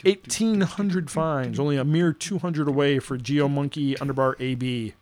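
A man's voice: mid-range voice, darkish tone. A man hosting a casual podcast, reading out names and scores in a playful, teasing way. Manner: playful, teasing, quick to laugh. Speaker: podcast host.

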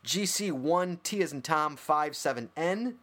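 A man co-hosting a casual chat show, rambling excitedly with lots of fillers and restarts. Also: fairly high pitch, a little slow. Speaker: podcast co-host. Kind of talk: casual chat, listing favorite geocaches.

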